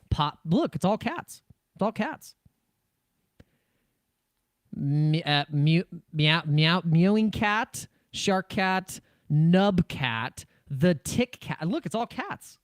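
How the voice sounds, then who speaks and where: A man hosting a crypto live stream in a casual, rambling way, with a slightly high, smooth voice. He jokes around, restarts his sentences and laughs often. The sound is close and dry. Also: no echo. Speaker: crypto livestream host.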